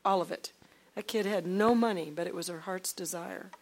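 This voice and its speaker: Animated woman telling a faith testimony. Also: fairly low pitch, normal speed. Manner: acts out quoted dialogue, swinging from loud to hushed.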